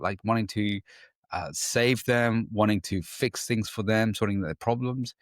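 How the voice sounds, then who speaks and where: A man's voice: fairly low pitch, unhurried, no echo, studio quality. A man co-hosting a podcast, telling a personal story in casual chat and acting out his own inner voice. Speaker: podcast co-host.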